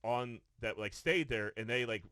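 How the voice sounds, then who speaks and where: Telling a profane story on a podcast he co-hosts, a man chats casually in the studio, restarting a lot and voicing quotes dramatically. His medium-pitched voice is pushed and bright at normal speed, with no room sound.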